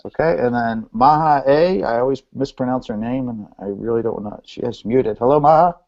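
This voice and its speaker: A man's voice: medium pitch, a little fast, a little mellow. A man hosting an online video call meetup, chatting casually and joking, with loose fillers as he calls on people. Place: home, coming in over a video call. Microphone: video call microphone. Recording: dull lo-fi video call audio.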